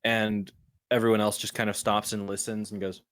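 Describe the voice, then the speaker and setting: A man narrating as dungeon master in a casual tabletop game, talking loosely with many pauses. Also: lowish voice, no echo. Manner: relaxed, full of fillers and restarts.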